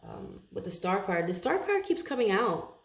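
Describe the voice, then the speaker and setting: A woman giving a casual tarot reading to her viewers, chatty, laughing often and thinking aloud with many pauses and restarts. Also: medium pitch, sing-song. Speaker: tarot reader. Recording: roomy echo.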